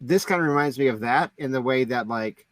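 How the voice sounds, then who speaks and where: A mid-range, slightly fast male voice, a bit bright and recorded dry. He's a podcast co-host chatting casually, telling meandering stories stuffed with "like" and other fillers.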